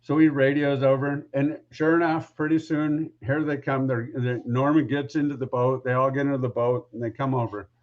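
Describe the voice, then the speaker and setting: A man's voice: medium pitch, fairly even intonation, normal speed, few pauses, highs cut off. A man who is a podcast guest, telling a story casually and rambling with lots of asides.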